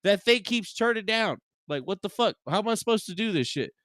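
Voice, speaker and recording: A man streaming from his home setup, ranting casually and profanely, swearing at his own software. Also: sits high, animated, fairly quick, dry recording, studio quality. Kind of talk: casual livestream rant. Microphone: desk microphone with noise gate.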